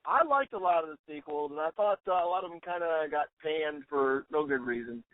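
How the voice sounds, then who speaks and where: A man co-hosting a podcast in a casual chat, excitedly quoting lines and gushing over what he loves. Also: a little high, no room sound. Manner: excited, quick to quote lines. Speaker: podcast co-host. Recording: tinny phone-like sound, dry.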